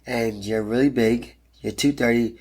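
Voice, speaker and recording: A man's voice: mid-range voice, fairly even intonation, normal speed, darkish tone. A man in his thirties, a pro fighter guest in an interview, telling a story bluntly and animatedly and swearing freely.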